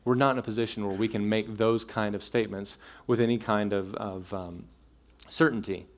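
A man's voice: lowish voice, steady tone, normal speed. Man, conversational talk, frequent fillers, asks listeners to follow along. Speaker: speaker addressing college students. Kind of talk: apologetics talk to a live audience.

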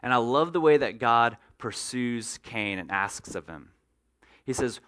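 A man's voice: mid-range voice, animated, measured pace, fairly bright tone. A man preaching a sermon as pastor, earnest and direct, sometimes acting out everyday moments to make a point.

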